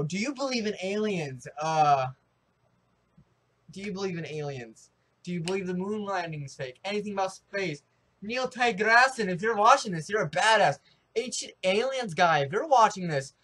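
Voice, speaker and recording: A young man from the United States rambling excitably in a casual opinion vlog, full of restarts and fillers. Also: high voice. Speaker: vlogger.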